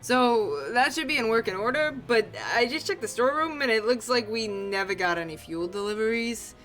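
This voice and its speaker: A woman voicing a gruff, practical rig foreman with a put-on New York accent as she reads a game's dialogue aloud. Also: fairly high pitch, moderate pace, a bit bright, faint music behind, pitched above the performer's own voice, lightly acted. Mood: matter-of-fact.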